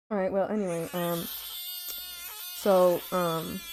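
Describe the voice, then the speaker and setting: A woman art streamer chatting casually with her viewers while she draws, excitable and giggly, often squealing and pleading with her chat. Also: lowish voice, slow pace, slight background noise. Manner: talks to chat and greets viewers by name.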